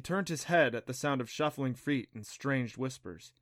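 A man narrating a children's adventure audiobook in a steady, clear storytelling voice. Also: mid-range voice, moderate pace, hardly any pauses, dry recording, clean studio sound. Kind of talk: scripted narration.

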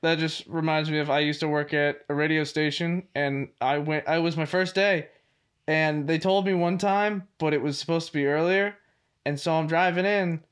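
A man co-hosting a podcast, telling stories in a casual, animated way and laughing often. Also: fairly high pitch, moderate pace, smooth. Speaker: podcast co-host. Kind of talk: casual chat.

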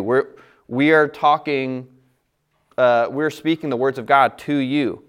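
Young male Bible teacher, slightly high and very clear voice, casual explanatory delivery. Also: fairly even intonation, normal speed. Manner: conversational, explains scripture with frequent "all right" and restarts.

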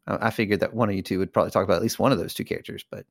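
Gravelly low-voiced man, lively. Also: racing, no room sound, studio quality. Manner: laughs often, rambling with fillers. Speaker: podcast co-host. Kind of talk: casual card-game chat.

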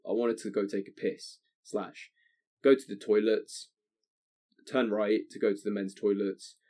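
A man's voice: on the low side, little pitch movement, unhurried, mellow. A young man telling a long story in casual chat, swearing often and rambling with restarts into a desk microphone. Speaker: podcast co-host telling a story.

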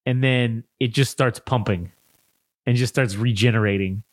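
A man co-hosting a casual film review podcast, recapping the plot in a profane, animated way and acting out characters' lines. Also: mid-range voice, normal speed, no echo. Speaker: podcast co-host.

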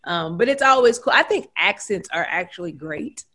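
A woman's voice: on the low side, expressive, moderate pace, pushed and bright. A woman from Central Louisiana with a Louisiana accent, chatting casually as an interview guest and laughing easily. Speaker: guest, actress and former radio host.

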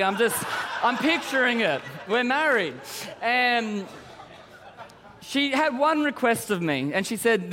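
High-voiced pastor, hall reverb. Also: male voice, sharp tone. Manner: storytelling, joking. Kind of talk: sermon. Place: large church hall. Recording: hall reverb from a church service.

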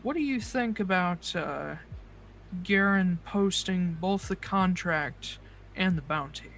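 A game master voicing a calm male investigator who asks measured, probing questions. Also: medium pitch, soft background music, rough recording.

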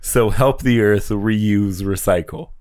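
A man's voice: fairly low pitch, takes it slowly, a little mellow, no room sound. A man co-hosting a casual podcast, teasing and cracking jokes at his friend. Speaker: podcast co-host. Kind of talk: casual comedic chat.

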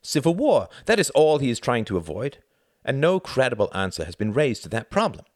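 A man reading aloud, voicing Gunther, a knowing man who explains things in a measured, lecturing way. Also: medium pitch, big pitch swings, no room sound, studio quality, pitched above the performer's own voice. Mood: informative.

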